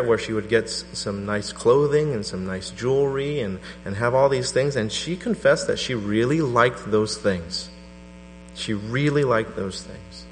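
A middle-aged man preaching a sermon to a congregation, telling a personal story with animated energy. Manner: animated storytelling, voice rising to a high pitch in quoted prayers. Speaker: pastor. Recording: reverberant hall with mains hum.

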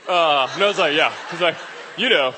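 A man tells a story from the pulpit in a bright, forceful voice that sits a little high. He talks in a chatty, self-deprecating way, often laughing at himself. The sound rings with the long reverb of a large hall. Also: fast talker, a little hiss or hum. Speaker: preacher. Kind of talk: storytelling sermon.

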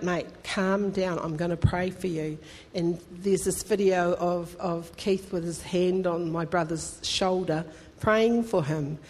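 A woman pastor preaches a conversational, emphatic sermon that builds into fervent appeals to the congregation. Her voice is mid-range with a darkish tone, and the recording has a long hall reverb.

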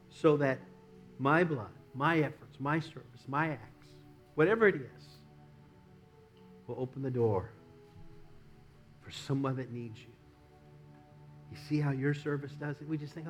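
An American man preaching a sermon as a pastor, swinging from loud exhortation to near-whispers. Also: medium pitch, slow pace, pauses often, soft background music.

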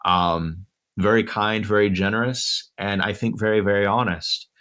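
A man's voice: on the low side, fairly even intonation, moderate pace, bright, forceful tone. A man being interviewed as an author and educator, laying out his points in order in an earnest, thoughtful way. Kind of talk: conversational interview. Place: Durham area.

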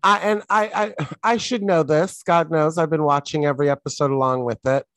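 A man's voice: fairly high pitch, fairly even intonation, a little fast, a bit bright, dry recording. A man in a casual chat, wry and sarcastic, with plenty of jokes.

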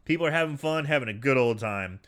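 A man's voice: mid-range voice, fast talker, clean tone. A man casually recapping a movie on a podcast, acting out characters' lines and laughing often. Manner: animated storyteller, acts out lines, laughs often. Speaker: podcast co-host.

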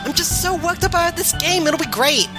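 A woman voicing a hyper-excited young female sea troll who keeps making fishy glub noises, as a fan reading of chat logs. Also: extremely high pitch, fairly quick, music in the background, pitched above the performer's own voice. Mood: cheerful.

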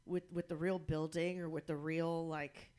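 A woman's voice: low voice, level tone, moderate pace, darkish tone, smooth. A woman in casual podcast chat, talking in a laid-back, rambling way with many fillers.

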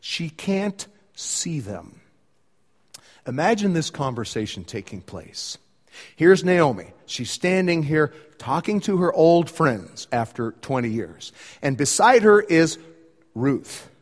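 A man preaching a sermon in an earnest, conversational way, shifting his loudness for emphasis. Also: a little high, very animated, slow, big-room sound. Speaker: pastor.

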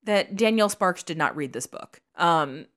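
A woman's voice: fairly low pitch, animated, moderate pace, fairly bright tone. A young woman co-hosting a podcast, talking in an emphatic, opinionated, chatty way. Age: young adult. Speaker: podcast co-host. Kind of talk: casual chat.

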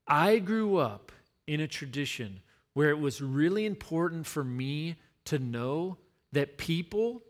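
A man, a pastor, preaching a sermon in a conversational storytelling way, repeating words for emphasis. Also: fairly high pitch.

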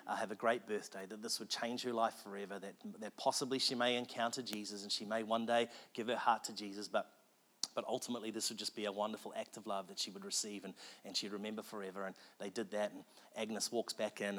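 A man tells a story in a sermon. He is animated and restarts his sentences often. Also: on the low side. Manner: fast, animated, with filler restarts.

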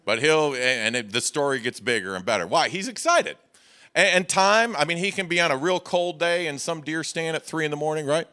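A man's voice: fairly high pitch, a little fast, pushed and bright. A middle-aged man, a pastor preaching a sermon with folksy humor and rhetorical questions to the congregation.

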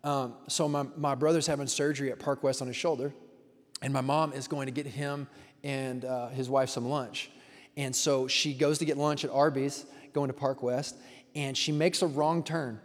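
A male pastor giving a relaxed, conversational sermon, telling stories and asking the congregation questions. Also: mid-range voice, moderate pace. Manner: casual, storytelling, engages the congregation with questions. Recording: long hall reverb.

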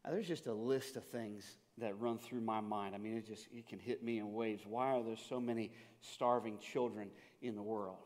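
Guy preaching a sermon, earnest, stumbles and restarts a lot, goes loud then hushed, long echo of a big hall. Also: lowish voice, fairly even intonation, moderate pace, few pauses. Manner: earnest, swings from loud pleading to hushed reflection; stammers and restarts often. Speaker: pastor.

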